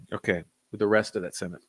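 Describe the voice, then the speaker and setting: A man's voice: on the low side, normal speed, creaky, husky. A man giving profane, sarcastic, combative commentary on interview clips during a live stream.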